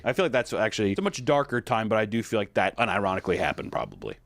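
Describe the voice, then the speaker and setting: Male co-host, quick reader, sarcastic riffs, lively higher voice. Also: noisy background. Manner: reads text then riffs with sarcastic asides. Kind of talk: casual reading with commentary.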